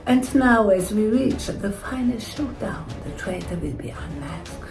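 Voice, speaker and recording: A woman playing a weary, sarcastic older villainess with a gravelly voice in a comedy sketch. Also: medium pitch, animated, measured pace, darkish tone, echoey room, faint music behind, natural voice, low-quality recording. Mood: ominous narration. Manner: dry, sarcastic remarks. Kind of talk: comedy sketch acting and mock narration.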